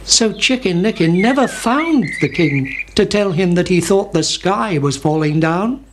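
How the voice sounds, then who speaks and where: A storyteller reading a children's fable aloud in a steady, listing cadence. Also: medium pitch, unhurried.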